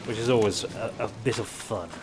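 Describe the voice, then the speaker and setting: A man's voice: on the low side, fairly quick, background noise. A man giving casual, rambling, self-mocking commentary while playing a video game. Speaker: gaming YouTuber. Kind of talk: casual let's-play commentary. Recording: commentary over game music.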